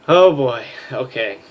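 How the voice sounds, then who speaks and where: A man commenting casually on a story game as a let's play host, self-mocking and swearing freely. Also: mid-range voice.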